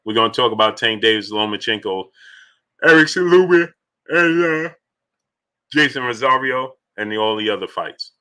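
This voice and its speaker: A man's voice: medium pitch, animated, normal speed, pushed and bright. A man hosting a boxing livestream in casual chat, greeting viewers by name as he talks loosely.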